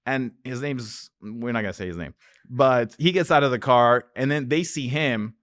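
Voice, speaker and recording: A man's voice: medium pitch, moderate pace, fairly bright tone, no room sound, clean studio sound. A man, an investor telling wild anecdotes in a podcast interview, swearing freely and acting out the people in his stories. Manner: profane, acts out voices in his anecdotes. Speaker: real estate investor guest. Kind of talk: animated storytelling.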